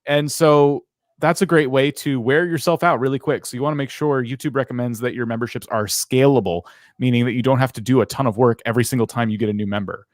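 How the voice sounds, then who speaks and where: Easygoing male co-host, mid-pitched, practical tips, dry close recording. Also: fast, dry recording. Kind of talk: live Q&A chat.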